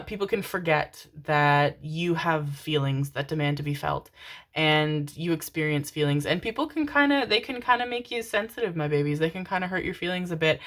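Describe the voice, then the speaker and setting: A woman with a low voice gives a channeled tarot reading. She talks affectionately to her listeners and swears casually. Between messages she murmurs strings of repeated syllables. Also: fairly bright tone. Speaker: tarot reader.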